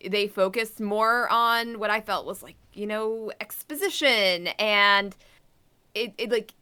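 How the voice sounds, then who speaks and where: A woman co-hosting a podcast, chatting casually about a show with a halting, filler-heavy manner. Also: medium pitch, bright, forceful tone, smooth. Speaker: podcast co-host. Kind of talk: casual review chat.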